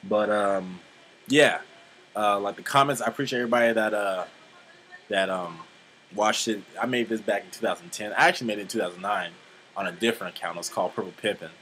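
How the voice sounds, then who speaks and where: A young man in his twenties rambles through a casual vlog monologue with a lowish voice. He talks bluntly, swears freely, and fills the gaps with "like" and "um". A faint hiss of noise sits behind him. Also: fairly quick, pushed and bright, low-quality recording. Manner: rambling, blunt and profane, many fillers. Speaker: vlogger.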